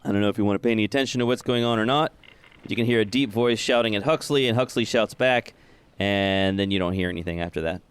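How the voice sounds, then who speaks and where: A man narrating as game master in a tabletop game, with halting delivery full of filler sounds. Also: lowish voice, clear, resonant tone.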